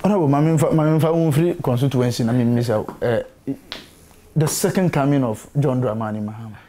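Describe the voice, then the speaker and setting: A man's voice: medium pitch, quick pace, mellow, slight background noise. A Ghanaian man hosting a talk show, pressing his guest with probing questions. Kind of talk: talk show interview, mixing English and Twi.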